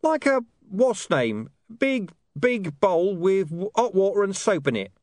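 A man doing a high, lively voice for a rambling street man who interprets for his dog. The voice climbs well above the reader's own and keeps searching for words. It sounds dry and close, with no room. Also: measured pace, no echo.

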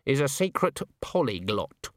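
A man voicing a stern, sharp-tongued old witch woman who snaps commands. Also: mid-range voice, big pitch swings, measured pace, no echo, clean studio sound.

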